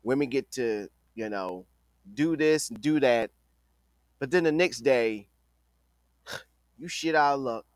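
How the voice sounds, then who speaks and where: A man's voice: mid-range voice, slow, pauses often, dry recording. Emphatic man talking casually, dry sound. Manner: conversational, emphatic, repeats phrases. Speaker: podcast host. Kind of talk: casual opinion monologue.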